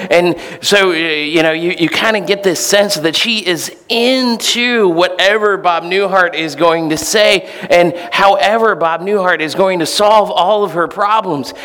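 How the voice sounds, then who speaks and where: A man's voice: sits high, measured pace, few pauses, fairly bright tone, big-room sound. A male pastor preaching a sermon in a conversational, storytelling way, with fillers.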